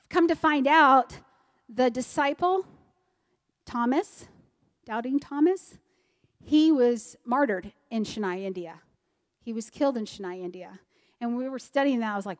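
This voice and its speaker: A middle-aged woman telling a church testimony in an animated way, acting out the people she quotes. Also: sits high. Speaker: speaker sharing a mission testimony.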